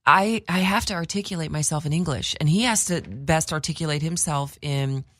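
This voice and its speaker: Talk show guest: woman, LA accent, deep-pitched, dry close sound, chatty storyteller. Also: normal speed, fairly bright tone, dry recording. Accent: Los Angeles. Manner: chatty, acts out quoted voices. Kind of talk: casual chat.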